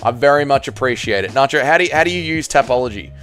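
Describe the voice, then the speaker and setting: An Australian man hosts a casual livestream, reading chat messages aloud and talking bluntly with plenty of swearing. His voice is medium-pitched, animated and a bit bright, he talks quickly, and faint music plays behind him.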